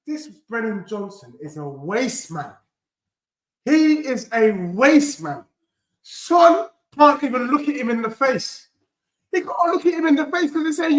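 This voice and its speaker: Excitable man reacting to football. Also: very high voice, moderate pace, roomy sound. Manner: excitable, shouting and whooping at the match. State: losing his voice. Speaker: football fan streamer. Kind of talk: live match watchalong reaction.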